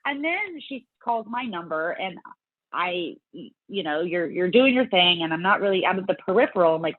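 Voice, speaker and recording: A woman guest telling her story in a casual interview, animated and full of restarts. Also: lowish voice, a little fast, no room sound, phone-quality sound. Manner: animated, many restarts and fillers. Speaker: guest, bodybuilding competitor.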